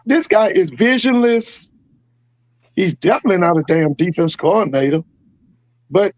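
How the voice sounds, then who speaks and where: A man's voice: high voice, creaky, darkish tone, no room sound, rough recording. An older man giving blunt, opinionated football commentary on a podcast, repeating his points for emphasis.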